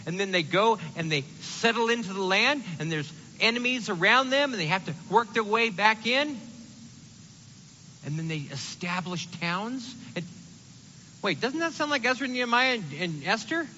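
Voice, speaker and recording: A man preaching a sermon in an animated, conversational way, acting out the quotes he reads. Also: high voice, moderate pace, big-room sound, highs cut off, a little hiss or hum.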